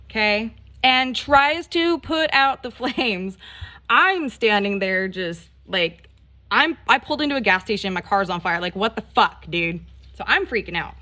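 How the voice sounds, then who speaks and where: A woman telling a rambling, animated story in a casual storytime vlog while she does her nails, full of "like" and mild swearing. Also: a little high, measured pace. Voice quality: gravelly, creaky voice. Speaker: nail vlogger.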